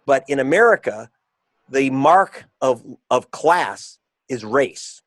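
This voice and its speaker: A man being interviewed as an author and reporter, talking in an emphatic, combative way and slowing down to stress his points. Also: mid-range voice, lively intonation, a bit bright, no room sound. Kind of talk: interview guest.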